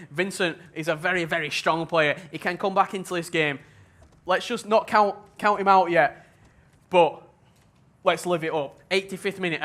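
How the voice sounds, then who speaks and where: A man giving play-by-play commentary on a football video game match, measured and level-headed in his analysis. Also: high-pitched, a bit bright. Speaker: esports commentator.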